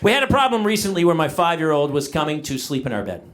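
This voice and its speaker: A middle-aged man performing stand-up comedy on stage, telling stories in an animated, exaggerated way with shouted punchlines and laughter from the audience. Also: a little high, fast.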